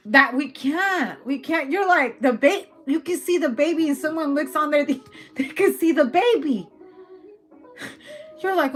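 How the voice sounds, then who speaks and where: A woman's voice: high voice, unhurried, faint music behind. A woman giving a casual tarot reading, talking loosely with lots of swearing and laughter. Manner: loose, profane, chatty, laughs often. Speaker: tarot reader.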